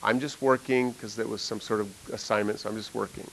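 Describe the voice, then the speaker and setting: A man's voice: fairly low pitch, fairly even intonation, brisk, vocal fry, a bit bright, low-quality recording. A middle-aged man, a math teacher, telling a story in a classroom, rambling with lots of fillers and frequent laughs. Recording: faint hiss.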